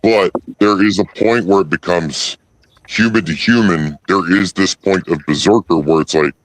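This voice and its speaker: Deep voiced guy, blunt and sweary, halting, dry sound. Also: no echo, rough recording. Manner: blunt, profane, halting storytelling. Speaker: host. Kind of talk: casual chat on a livestream.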